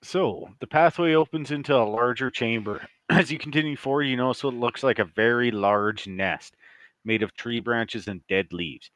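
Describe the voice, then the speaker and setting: A man's voice: mid-range voice, moderate pace, a bit bright, no room sound. A man running a tabletop game as game master, narrating scenes in a casual, loose way with the odd swear word.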